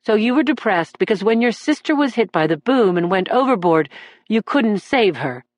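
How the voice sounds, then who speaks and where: A man's voice: sits high, no echo. A woman reading an audiobook voices a composed male defense attorney who speaks evenly and matter-of-factly in court. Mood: calm. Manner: even, measured, matter-of-fact. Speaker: defense lawyer.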